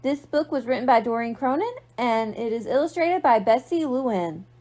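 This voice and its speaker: A woman's voice: fairly high pitch, animated, moderate pace, darkish tone. A young woman librarian reading a picture book aloud to children, playful and asking them questions. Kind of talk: storytime read-aloud for kids.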